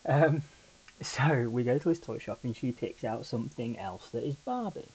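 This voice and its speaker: A man's voice: medium pitch, expressive, normal speed, darkish tone, breathy edge, highs cut off. A man hosting a podcast on his own, telling a rambling, chatty story full of asides. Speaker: podcast host. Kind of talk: casual solo podcast chat.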